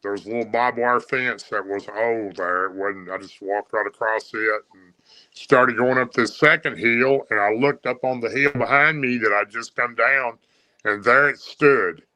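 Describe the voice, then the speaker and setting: Rambling Southern man, forceful tone. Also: mid-range voice, moderate pace, dry recording, low-quality recording. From Tennessee. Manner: rambling, with many fillers and restarts. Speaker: guest. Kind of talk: storytelling.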